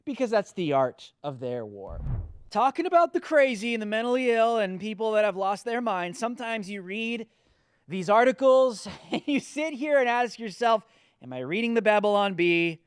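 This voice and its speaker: A man's voice: high-pitched, sing-song, normal speed, smooth, no echo. A man hosting a political commentary show, talking in a sarcastic, mocking way. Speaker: host.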